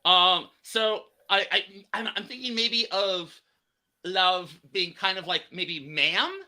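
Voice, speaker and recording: A man with a very bright, somewhat high voice and an American accent, hosting a relaxed conversation. He stops and restarts often, piling up fillers as he feels his way toward each question. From United States. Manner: halting, many fillers and restarts. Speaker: podcast host. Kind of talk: casual chat.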